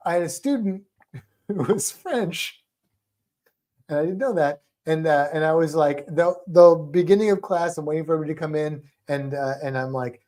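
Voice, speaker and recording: A man's voice: fairly high pitch, darkish tone. A man co-hosting a casual livestream podcast, chatty and playful, rambling through asides and tripping over hard names. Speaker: podcast co-host.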